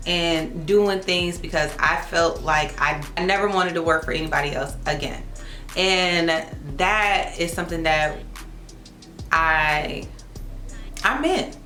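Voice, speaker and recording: A woman's voice: fairly low pitch, takes it slowly, bright, forceful tone. A young woman, a lash artist chatting casually to camera in a vlog and calling her viewers y'all. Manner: chatty and self-teasing, calls viewers y'all. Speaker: licensed esthetician and lash artist. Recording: echoey room with faint music.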